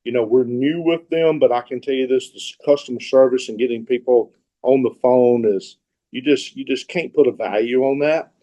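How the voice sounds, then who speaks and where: A middle-aged man with a Southern accent talks through an informal online presentation. His voice is mellow and relaxed, and his pitch sits in the middle of the male range. He rambles in a folksy way, restarting sentences and doubling up on words. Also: moderate pace. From Mississippi. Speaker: guest speaker, real estate investor.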